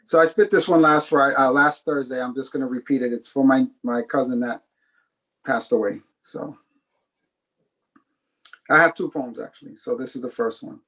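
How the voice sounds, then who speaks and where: Man, poet, open mic reading, video call, calm measured delivery, english and spanish. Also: medium pitch, rough recording. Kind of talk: poetry reading.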